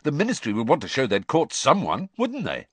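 A man's voice: mid-range voice, wildly swooping pitch, brisk, breathy edge, no room sound, voice pushed up. A man voicing a casual, blunt teenage boy who talks offhandedly. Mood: offhand.

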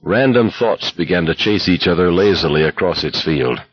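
Low, husky male audiobook narrator. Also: dry recording, muffled recording. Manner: steady, measured reading. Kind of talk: scripted narration.

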